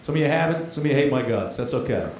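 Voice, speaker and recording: A man's voice: mid-range voice, expressive, quick pace, creaky. A man performing a brash stand-up comedy set with confrontational crowd work on a comedy club stage. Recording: echoey club with crowd noise.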